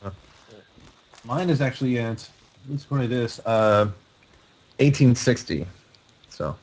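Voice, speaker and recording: A man playing in a tabletop game, chatting casually and often pausing to think. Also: medium pitch, darkish tone, husky, rough recording. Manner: hesitant, halting speech. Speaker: player.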